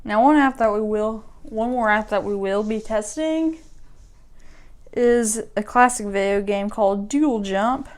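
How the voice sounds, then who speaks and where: Smooth-voiced woman, rambling tech walkthrough. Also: mid-range voice, measured pace. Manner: rambling, self-correcting, restarts sentences often. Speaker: tech YouTuber.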